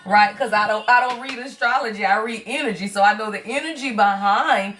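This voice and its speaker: A woman, hosting a casual live stream as a tarot reader, her voice strained and hoarse, chatty and playful with her viewers. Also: mid-range voice, fairly quick, fairly bright tone, soft background music, low-quality recording.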